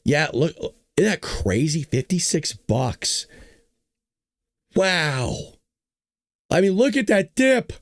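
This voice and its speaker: A hoarse man hosting a casual political commentary show, joking and talking to his audience. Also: a little high, slow pace, pauses often, no echo, studio quality. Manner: animated, joking, talks to the audience. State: hoarse, voice worn out. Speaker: show host.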